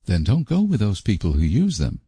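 Man doing a gentle, patient young woman. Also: fairly low pitch, huge pitch swings, brisk, slightly rough, no echo, voice pushed up, heavily acted. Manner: soft, patient, coaxing.

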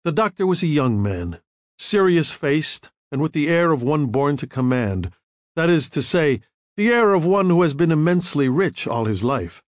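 A man narrating an audiobook in a measured, even manner. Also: a little high, no room sound, studio quality.

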